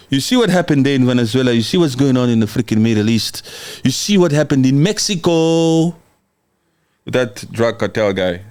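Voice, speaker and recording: A man's voice: mid-range voice, animated, normal speed, darkish tone. A young man hosting political commentary, reading a document aloud and scolding his audience in a combative, sarcastic, emphatic way.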